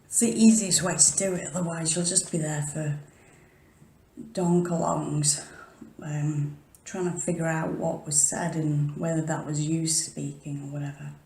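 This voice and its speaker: In an echoey home room early in the morning, this paranormal vlogger talks in a deep, mellow voice with fairly even intonation and a measured pace, over a little hiss or hum. Her casual chat rambles, often falling to a whisper as she interrupts herself.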